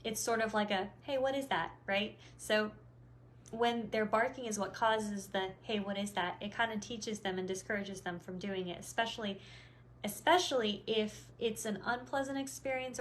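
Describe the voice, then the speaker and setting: A woman's voice: medium pitch, steady tone, normal speed, slight background noise. A woman dog trainer explaining things in a casual, rambling way, with lots of fillers and restarts.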